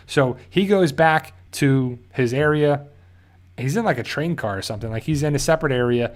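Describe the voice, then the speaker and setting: Male reviewer at an everyday mid pitch, loosely talking through an episode recap and correcting himself along the way. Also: brisk. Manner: rambling, self-correcting, loosely paraphrases scenes. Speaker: TV show reviewer.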